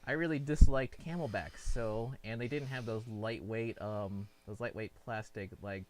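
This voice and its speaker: A man co-hosting a casual podcast, chatty, with quick short reactions. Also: fairly low pitch, fairly even intonation, a little mellow.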